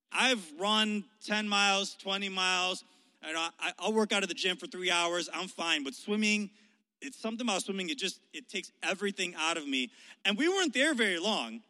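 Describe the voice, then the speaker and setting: A male youth pastor telling a story in a sermon, animated and conversational, often restarting his sentences. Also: high-pitched, big-room sound.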